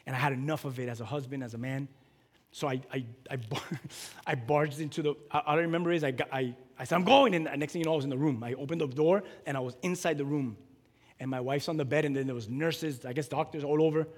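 A man preaching as pastor, telling a story that swells into loud, fervent preaching. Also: mid-range voice, fairly even intonation, quick pace. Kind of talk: sermon storytelling. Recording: long hall reverb.

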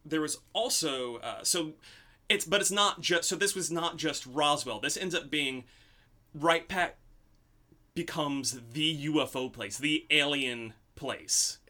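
Bright-voiced man telling odd lore. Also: a little high, takes it slowly. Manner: rambling storyteller with many ums. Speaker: podcast host. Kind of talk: casual podcast chat.

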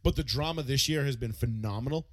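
A man's voice: mid-range voice, fast talker, fairly bright tone, no echo. A man in his thirties from the United States, co-hosting a podcast in loose, profane, rambling casual chat full of fillers. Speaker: podcast co-host.

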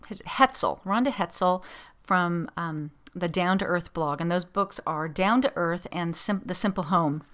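A woman's voice: medium pitch, a bit bright. A woman podcast host chatting casually from a home office, rambling along with many fillers and restarts. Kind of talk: casual chat. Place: husband's home office at his desk.

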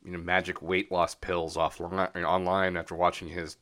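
A man with a low, deep voice and a bright, forceful tone talks loosely on a podcast. He rambles, fills gaps with "you know" and laughs easily. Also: little pitch movement, normal speed. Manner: rambling, laughs often, many fillers. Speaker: podcast co-host. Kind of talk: casual political chat.

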